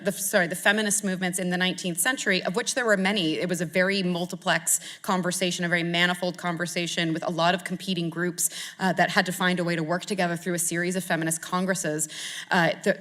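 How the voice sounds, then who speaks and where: Woman in her 30s, guest art historian; bright voice, thoughtful, self-correcting delivery. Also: on the low side. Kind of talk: answering audience question at lecture.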